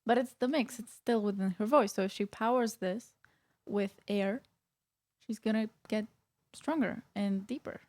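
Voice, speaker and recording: A woman's voice: mid-range voice, a little slow, darkish tone. A woman vocal coach explaining singing technique in a casual reaction video, with frequent fillers and restarts.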